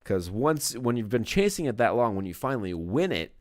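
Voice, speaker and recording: A man's voice: medium pitch, sing-song, brisk, dry recording, studio quality. A man co-hosting a podcast, talking casually and emphatically, swearing now and then. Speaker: podcast co-host. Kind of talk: casual wrestling review chat.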